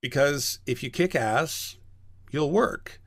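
A man's voice: on the high side, slow, no echo. A man who directs and teaches voice acting, telling a story in a casual podcast interview and acting out the people in it. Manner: animated storyteller, acts out quoted voices.

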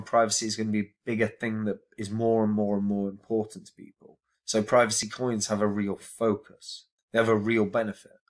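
Earnest, emphatic low-voiced man. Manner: earnest, emphatic, repeats phrases for stress. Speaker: crypto reviewer. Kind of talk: casual video review.

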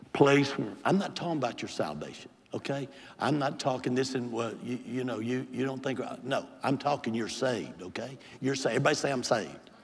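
A man's voice: medium pitch, slightly rough. An older man, a bishop, preaching an impassioned Pentecostal sermon and altar call in a large church sanctuary. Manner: impassioned, pleading preacher who builds to hollering. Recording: long hall reverb in a big church.

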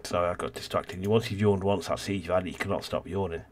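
A man's voice: low-pitched, fairly even intonation, fast. A man casually commentating a city-building game as host, rambling and thinking aloud, tired and yawning. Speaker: let's play host.

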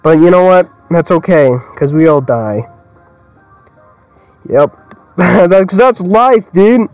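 A man's voice: high-pitched, lively intonation, slow pace, a little mellow, no echo, lo-fi sound, faint music behind. A young man giving rambling, joking let's-play commentary, swearing a lot and laughing often. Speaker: gamer.

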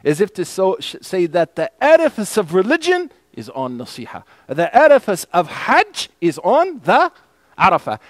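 A man teaching a lesson as imam, his voice sitting a touch high and swinging up and down with animation. He moves back and forth between English explanation and Arabic recitation. The sound is close and dry, with little room echo. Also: wildly swooping pitch, moderate pace. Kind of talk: mosque lesson on a hadith text. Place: mosque classroom.

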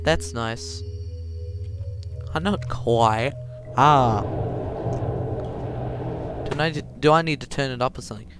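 A man playing a voice-controlled game and talking to his viewers in a chatty, confused way, now and then breaking into loud high yells, with his mic held close to his mouth. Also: takes it slowly, long pauses, over music. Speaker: gaming YouTuber. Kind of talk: casual let's play commentary. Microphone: handheld mic held close to the mouth.

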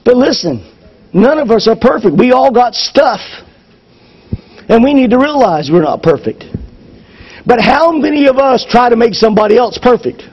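A man preaching a sermon to his congregation, moving between loud fervor and hushed lines. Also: extremely high pitch, animated, normal speed, husky, highs cut off. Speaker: pastor. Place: church service.

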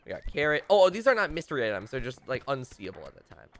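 Teasing, animated young man playing a game. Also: medium pitch, quick pace. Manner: teasing, mock-dramatic, talks to game characters. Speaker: let's play host. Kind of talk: playful gameplay commentary.

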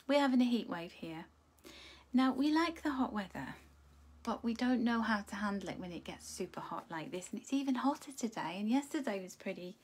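A woman with a fairly high voice hosts a live stream, chatting easily to the people watching. She greets them warmly one by one, calling them her loves and sweethearts. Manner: affectionate, greets viewers by name with endearments; chatty, with light laughs. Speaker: angel card reader and host. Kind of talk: live-stream chat with viewers.

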